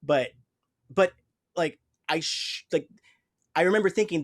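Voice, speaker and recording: Unhurried and on the high side, a man's voice carries this conversational interview, which he hosts. As an improv teacher laying out his ideas, he comes across as earnest and reflective, often pausing to find his words.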